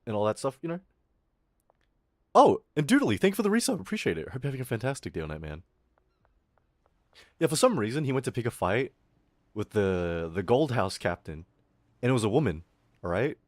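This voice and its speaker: Young male streamer, mid-pitched, chatty rant full of swearing and quoted voices, dry close sound. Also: big pitch swings, a little fast, long pauses, dry recording. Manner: rambling, profane, acts out the people he quotes. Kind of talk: casual storytelling rant.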